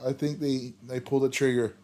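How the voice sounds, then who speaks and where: A man's voice: medium pitch, little pitch movement, fairly quick, a little mellow. Man, casual co-host; stammers into his points, then commits to them. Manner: hesitant starts, firm predictions. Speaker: podcast co-host. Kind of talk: casual wrestling chat. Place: around a table with co-hosts.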